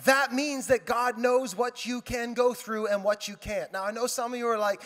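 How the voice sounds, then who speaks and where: A male pastor preaches a sermon in a high, bright voice. His words ring out with a long hall reverb. He slips into storytelling, acting out quoted lines and tossing in playful asides. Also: fairly even intonation, moderate pace.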